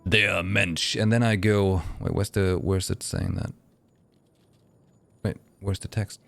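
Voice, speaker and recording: A man chatting casually with viewers on a game live stream, lively and playful, slipping into voices for fun. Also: deep voice, a little slow, soft background music.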